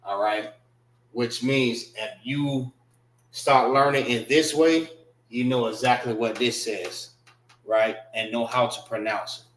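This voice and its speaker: A man leads a classroom language lesson, speaking at an unhurried pace and drilling each word over and over, spelling it out. His tone is casual and plain. The sound carries the roomy echo of a classroom. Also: medium pitch, fairly even intonation, a bit bright. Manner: casual, repeats and spells out words slowly. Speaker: class instructor.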